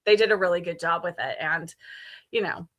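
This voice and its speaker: Chatty bright-voiced woman host. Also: fairly low pitch, brisk, highs cut off. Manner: chatty, upbeat, laughs often. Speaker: livestream host. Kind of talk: casual chat.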